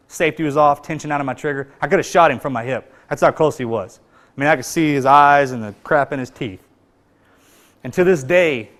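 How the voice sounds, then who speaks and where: A middle-aged military veteran telling a war story in a blunt, conversational way, often dropping to a low, quiet voice. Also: male voice. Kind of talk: personal war story told to an audience.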